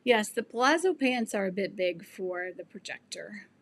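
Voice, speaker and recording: A sewing channel host in her sixties who is losing her voice runs a casual livestream, rambling with many ums and restarts as she reads viewer comments. Her voice is mid-range, expressive and fairly bright, at a moderate pace.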